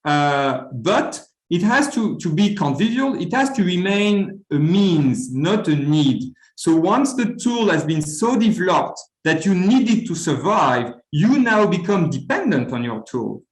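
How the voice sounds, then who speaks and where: A man with a fairly high voice gives an academic seminar talk. He speaks earnestly and often stumbles over repeated words as he lectures. The sound rings around an echoey lecture room. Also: big pitch swings, a little slow, hardly any pauses. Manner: earnest, with frequent stuttered word repeats.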